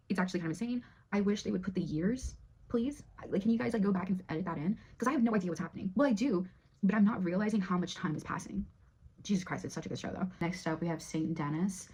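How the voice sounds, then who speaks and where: A woman's voice: lowish voice, a little mellow. A young woman vlogger rambling through her year in a casual, chatty way, swearing freely. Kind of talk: casual year-in-review chat.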